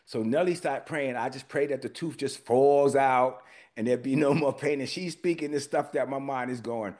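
A man preaching a sermon, telling a personal story and swinging from quiet asides to loud emphatic lines. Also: medium pitch, moderate pace. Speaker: pastor.

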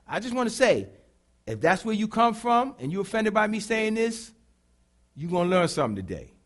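A pastor preaching with call-and-response, animated and bursting into shouts. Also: male voice, sits high, moderate pace. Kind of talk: sermon.

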